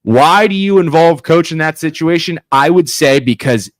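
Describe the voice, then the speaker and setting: Man in his thirties, talk show co-host, heated and emphatic, a bit high-pitched, dry close mic. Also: expressive, moderate pace, dry recording, poor audio. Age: 30s. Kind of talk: local talk radio discussion.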